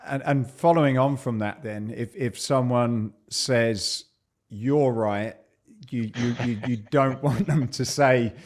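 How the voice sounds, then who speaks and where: A man's voice: medium pitch, slow, a little mellow. A man interviewing a guest, asking long questions with many restarts.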